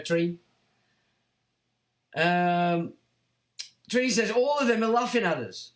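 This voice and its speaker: A man's voice: sits high, a bit bright, roomy sound. Blunt, sweary man. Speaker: livestream host. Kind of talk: ranting livestream chat, reading comments.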